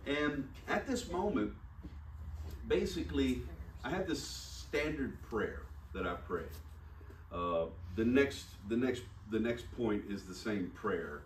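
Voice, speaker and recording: Taking it slowly, a pastor with an expressive, lowish voice tells a personal story in his sermon, conversational and self-deprecating, acting out the dialogue. The recording has slight background noise and comes from a distant mic in an echoey room.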